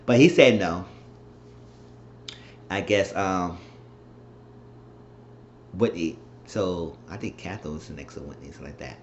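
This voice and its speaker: A man with a lowish voice rambles through a casual reality show recap, jumping around and mimicking what people said. The sound is roomy and dull, with a faint hiss behind him. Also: unhurried, pauses often. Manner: rambling, animated retelling with mimicked quotes.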